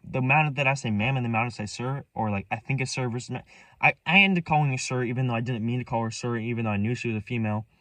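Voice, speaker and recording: A man's voice: medium pitch, very fast, fairly bright tone, dry recording, far from the mic. A young man rambling through a story from his own life, restarting and repeating himself, set back from the mic. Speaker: vlogger. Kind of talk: casual storytelling.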